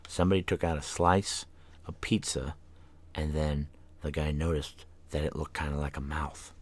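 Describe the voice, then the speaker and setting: A man hosting an internet radio show, rambling tiredly from one tangent to the next with many fillers and yawns. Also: very deep voice. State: tired, yawning. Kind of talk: casual rambling monologue. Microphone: studio microphone.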